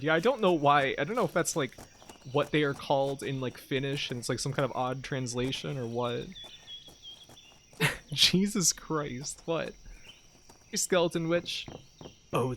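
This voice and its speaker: A man's voice: mid-range voice, normal speed, a bit bright, a little hiss or hum. A man streaming a video game, chatting casually with wry, rambling jokes and asides. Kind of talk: casual gameplay commentary.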